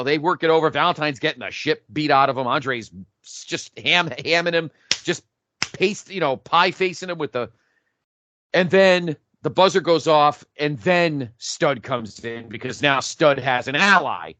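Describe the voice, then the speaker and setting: Excitable man with a bright, dull-sounding voice. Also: on the high side, moderate pace, dry recording. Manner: animated, profane play-by-play storytelling. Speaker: podcast co-host. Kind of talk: excited casual chat.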